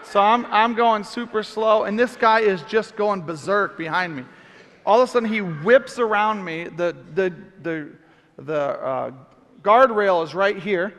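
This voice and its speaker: A middle-aged man preaching, telling a story with lively acted-out outbursts. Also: sits high, unhurried, long reverb tail. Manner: animated storyteller, acts out shouts. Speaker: pastor. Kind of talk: sermon storytelling.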